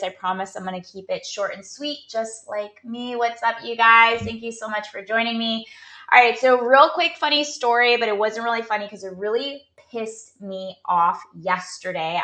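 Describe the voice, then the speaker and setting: A woman speaks as a performance coach in a casual motivational talk, chatty and full of "like" fillers. Her voice is bright and sharp. The room around her is echoey. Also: fairly high pitch. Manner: chatty, storytelling, lots of "like" fillers.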